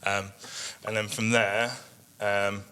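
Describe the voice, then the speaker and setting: A man in his thirties gives a relaxed workshop talk, rambling through stories about his sheep with plenty of ums. His voice sits a little low but sounds bright and forceful. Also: slow. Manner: chatty storytelling with many fillers. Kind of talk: presentation with slides.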